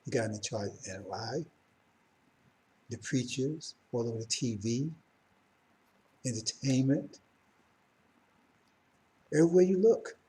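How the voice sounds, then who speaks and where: A man's voice: mid-range voice, animated, slow, pauses often, mellow, slight background noise. A middle-aged man giving a rambling live-streamed religious talk, correcting himself and then building to fervent emphasis. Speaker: religious teacher.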